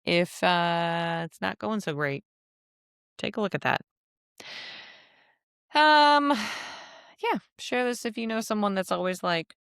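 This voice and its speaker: Woman, podcast host, casual solo talk, chatty, dry close sound, smooth tone. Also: mid-range voice, lively intonation, slow pace, long pauses, a bit bright, no echo. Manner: chatty, laughs often, acts out quotes.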